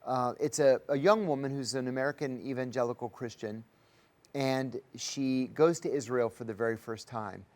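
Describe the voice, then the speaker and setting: A man's voice: medium pitch, steady tone, normal speed. A man hosting a studio talk show, earnest, with rising emphasis as he makes his points. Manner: earnest, rising emphasis, acts out quoted voices. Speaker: host.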